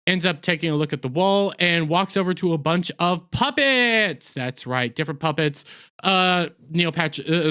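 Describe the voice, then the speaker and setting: A man's voice: on the high side, a bit bright, smooth. A man giving a blunt, sarcastic, rambling rant as a video reviewer, full of crude words and restarts. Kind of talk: ranting TV review.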